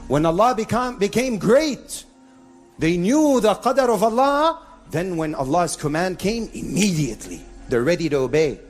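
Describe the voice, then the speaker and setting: Animated preacher with a lively voice. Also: male voice, high voice, moderate pace, soft background music. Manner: animated, mixes in Arabic phrases. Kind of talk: live sermon to an audience. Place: venue with a sound system.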